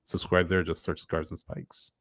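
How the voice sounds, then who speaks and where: A man's voice: sits low, level tone, moderate pace, creaky, no echo. A man hosting a casual sports podcast, wrapping up with schedule details and plugs for the show. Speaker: podcast host.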